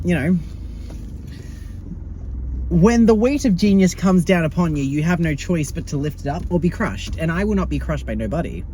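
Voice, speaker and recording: A high-pitched young man chats through his video diary with theatrical sass. He swears freely and flies into exasperated outbursts. Faint car noise sits behind him. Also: animated, normal speed, pauses often, warm tone. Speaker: vlogger.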